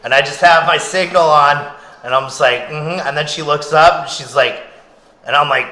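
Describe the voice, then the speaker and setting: A man co-hosting a podcast in casual comedic chat, a loud, rambling storyteller who laughs often. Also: on the high side, unhurried. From Vancouver, Canada. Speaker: podcast co-host. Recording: roomy echo.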